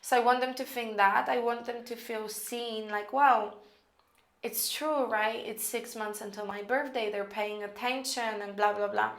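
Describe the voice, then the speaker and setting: A woman teaching copywriting in a casual, chatty way, thinking out loud with lots of fillers as she walks through an email draft. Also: on the high side, steady tone, moderate pace, hardly any pauses, echoey room. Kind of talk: casual screen-recorded lesson.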